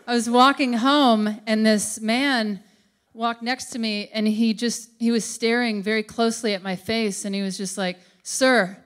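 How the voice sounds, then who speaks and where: A woman's voice: a little high, fairly even intonation, normal speed. A woman telling a confessional monologue, wry and laughing through grim news.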